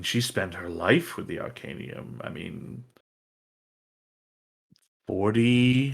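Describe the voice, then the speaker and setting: A man's voice: lowish voice, slightly rough, heavily acted. A man voicing a former mage's apprentice who hedges constantly and keeps saying "I mean". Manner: hesitant, full of "I mean". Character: man, former student of a mage, evasive and rambling.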